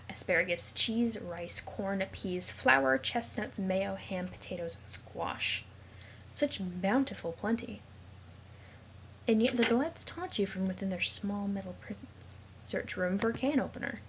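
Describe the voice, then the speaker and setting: A female let's play host with a mid-range voice reads a web comic aloud in a casual, mock-dramatic style, tossing in jokey asides. The audio is poor, with light background noise.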